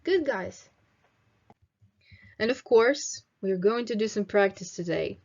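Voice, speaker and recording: A young woman teaching English in a video lesson, slowly modelling phrases for students to repeat. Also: mid-range voice, expressive, a little mellow, muffled recording. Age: 20s. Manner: slow, clear teaching delivery with drilled example phrases.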